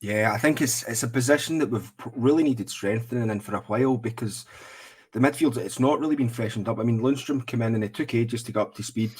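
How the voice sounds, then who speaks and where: A Scottish man hosting a football podcast, chatting casually with many ums and pauses. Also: medium pitch, a little mellow, slightly rough. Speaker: podcast host. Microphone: podcast mic with earphones in.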